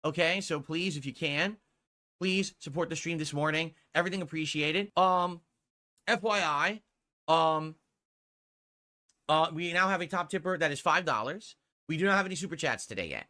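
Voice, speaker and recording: Bright-voiced man rambling to viewers. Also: fairly high pitch, moderate pace. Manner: rambling, hedging, pleading for support. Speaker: streamer. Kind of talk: talking to stream viewers.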